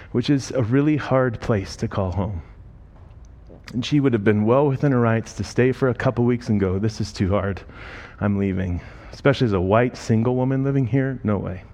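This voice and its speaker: A man telling stories from the pulpit in a loose, conversational way, acting out what each person said. His voice sits at an ordinary middle pitch for a man, and he moves between the story and the lesson with ease. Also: a little fast. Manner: emotional, voice rising and breaking when moved; conversational, quotes people in lively voices. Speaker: speaker telling ministry stories. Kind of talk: sermon storytelling.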